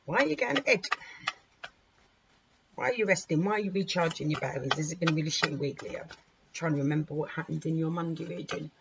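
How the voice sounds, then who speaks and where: A woman with a sore, hoarse throat gives a casual tarot reading, chatty and swearing lightly as she talks to her cards. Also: low-pitched, racing. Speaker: tarot reader. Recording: muffled recording with clear background noise.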